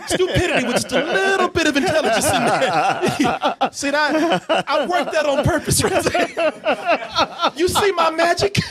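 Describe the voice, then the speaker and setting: High husky guy ranting about a movie, swoops all over, laughing a lot. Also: a little slow. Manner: animated, laughing, quotes characters in exaggerated voices. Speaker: podcast movie reviewer. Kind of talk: casual comedic movie review.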